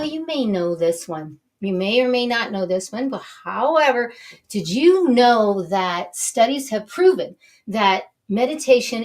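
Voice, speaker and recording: Bubbly, gushing woman show host. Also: fairly high pitch. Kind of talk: upbeat show introduction.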